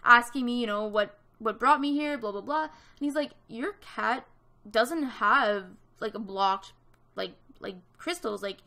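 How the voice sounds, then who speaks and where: Bright-voiced chatty woman in her twenties. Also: fairly high pitch, measured pace. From Canada. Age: 20s. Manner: chatty storytelling, lots of fillers. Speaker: gaming vlogger. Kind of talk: casual chat over a speed build.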